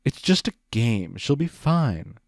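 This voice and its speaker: A man's voice: mid-range voice, very animated, slow pace, gravelly, darkish tone, no echo, clean studio sound, exaggerated voice. A man voicing a mischievous, smug male chaos spirit in a storybook reading, teasing and drawn out.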